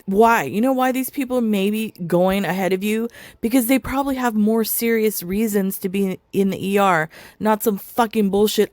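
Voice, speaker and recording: A woman's voice: mid-range voice, normal speed, a little mellow, dry recording. A woman giving profane, mocking reaction commentary over a video, sarcastic and blunt. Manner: sarcastic, mocking, swears often.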